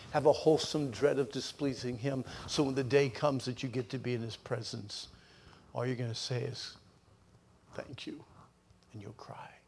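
An older man preaching a sermon with a personal story, animated, his voice surging loud and dropping to near whispers. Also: mid-range voice, moderate pace, slight background noise.

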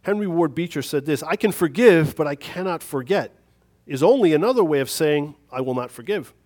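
A man's voice: on the high side, animated, fairly quick, darkish tone. A man preaching a sermon on forgiveness in a conversational, self-deprecating way, telling a story on himself.

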